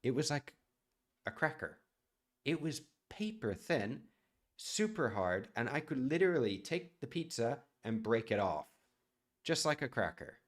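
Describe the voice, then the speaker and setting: A man's voice: medium pitch, big pitch swings, measured pace. A man from the United States, a chef chatting casually on a live stream and answering viewer questions in a rambling way.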